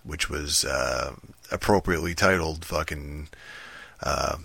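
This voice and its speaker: A man's voice: very deep voice, slow pace, gravelly, pushed and bright, husky, no room sound. A man giving a casual, profane, rambling rant about a video game, full of fillers and laughs and with some sarcasm. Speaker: gamer giving a game review.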